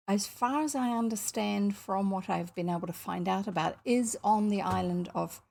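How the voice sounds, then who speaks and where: A woman's voice: medium pitch, gravelly, darkish tone, breathy edge. A woman with a New Zealand accent, a reader chatting at her desk before reading a book aloud, rambling and correcting herself as she goes. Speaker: audiobook reader. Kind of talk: casual chat before a reading. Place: home desk. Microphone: desk microphone.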